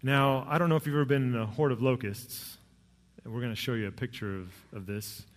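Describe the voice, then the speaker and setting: A male pastor delivering a Sunday sermon, mid-range voice carrying through a church hall with a long reverb tail. He tells stories with emphatic swings, rising for punchlines and dropping low for solemn points. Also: brisk. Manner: storytelling, lively pitch swings and emphatic rises.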